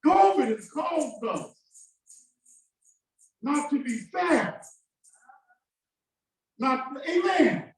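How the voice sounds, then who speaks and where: Very slow and pausing often, a pastor with a very high, sing-song male voice preaches a sermon in a church sanctuary, using call-and-response with sudden drops and bursts of shouting. The audio is heavily echoey, captured from afar.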